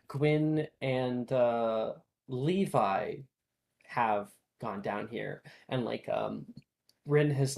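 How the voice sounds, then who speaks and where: A game master narrating a tabletop role-playing game, halting and filled with ums, uhs and likes. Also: mid-range voice, vocal fry, a little mellow, low-quality recording.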